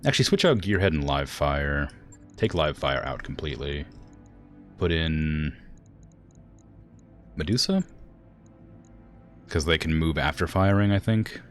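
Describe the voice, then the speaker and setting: A man's voice: rumbling low, animated, measured pace, long pauses, faint music behind. A man streaming a strategy game, chatting casually and laughing often.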